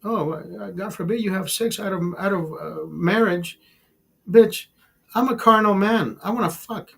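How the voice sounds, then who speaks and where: A man with a fairly high-pitched voice hosts a casual livestream. He swears freely and talks emphatically. He keeps calling his listeners brother and circles back over the same words as he rants. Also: a little slow, creaky, a bit bright, slightly rough. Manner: repeats and restarts words while ranting. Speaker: livestream host.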